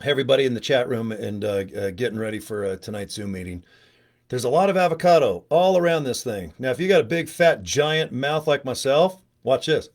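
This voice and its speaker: A man's voice: medium pitch, lively intonation, brisk. Rambling, crude middle-aged man on a webcam. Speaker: video host. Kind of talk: casual livestream chat. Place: at home, indoors.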